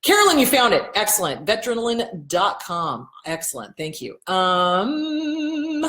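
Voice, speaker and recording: A middle-aged woman hosting a casual live Q&A, blunt and animated, swearing freely and acting out the voices she quotes. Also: mid-range voice, echoey room. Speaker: host answering viewer questions.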